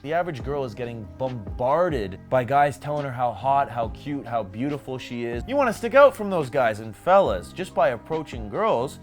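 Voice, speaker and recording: A man's voice: medium pitch, sing-song, normal speed, hardly any pauses, soft background music. A young man speaking straight to the camera, coaching male viewers on dating with emphatic, direct tips. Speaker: dating advice youtuber. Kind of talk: direct-to-camera advice vlog.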